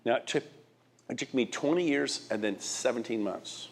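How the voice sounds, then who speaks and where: Speaking at a moderate pace with a medium-pitched, fry-tinged voice, a middle-aged male guest speaker addresses an audience in a motivational speech. He is emphatic, throwing rhetorical questions at the crowd and repeatedly restarting and repeating words.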